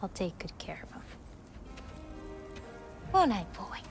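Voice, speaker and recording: A gentle, teasing young giantess. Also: female voice, mid-range voice, big pitch swings, slow pace, vocal fry, whispered, faint music behind, heavily acted. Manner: warm, teasing, soft-spoken. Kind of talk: video game cutscene acting.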